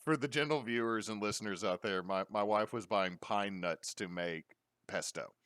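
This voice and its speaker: Guy, middle-aged, low voice, dry close sound, lively storyteller for a chat show. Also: moderate pace, clean tone, dry recording. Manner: animated storyteller, acts out quotes. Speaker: podcast co-host. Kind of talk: casual chat.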